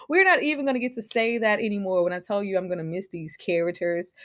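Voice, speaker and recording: A woman's voice: mid-range voice, brisk, hardly any pauses. A young woman hosting a casual TV review livestream, laughing often and greeting viewers by name.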